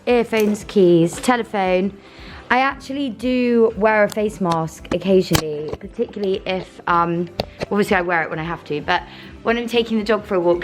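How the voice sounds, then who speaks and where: An English woman chatting casually in a vlog, gushing and full of fillers, and cooing at her dog in a high baby voice. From England. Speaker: vlogger.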